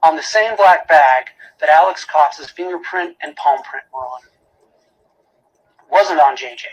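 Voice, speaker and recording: A man with a husky, slightly higher-pitched voice delivers a prosecutor's closing argument to a jury in a courtroom. He speaks emphatically, hammering home repeated phrases and pointed rhetorical questions. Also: a little slow, low-quality recording.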